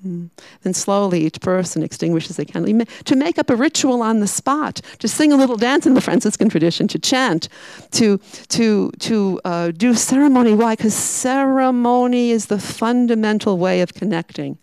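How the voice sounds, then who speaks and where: A woman who is a Franciscan sister, giving a reflective spiritual talk. She is emphatic, slowing down and repeating key words. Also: fairly high pitch, animated, a little mellow, no room sound, low-quality recording.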